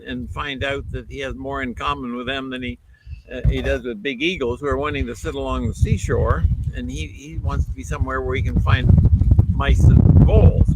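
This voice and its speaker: A man's voice: mid-range voice, heavy background noise. Hesitant, thoughtful man answering questions. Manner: hesitant, many fillers and restarts, thoughtful. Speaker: co-host answering viewer questions. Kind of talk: casual livestream chat. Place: outdoors.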